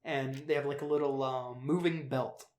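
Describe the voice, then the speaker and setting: A young man co-hosting a casual film podcast, relaxed, making dry jokes and laughing easily. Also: mid-range voice, moderate pace, echoey room. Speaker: podcast co-host.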